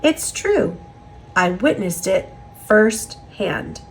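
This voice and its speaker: A woman with an American accent reading children's picture books aloud, slowly and carefully enunciated. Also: mid-range voice, big pitch swings, a little hiss or hum. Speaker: children's book reader. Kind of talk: picture book read-aloud.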